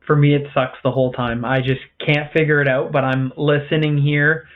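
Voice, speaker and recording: Guy on a tinny phone-ish line, pretty monotone, joking about himself. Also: on the high side, normal speed. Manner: frank, self-deprecating. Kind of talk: casual podcast talk. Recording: tinny phone-like call audio.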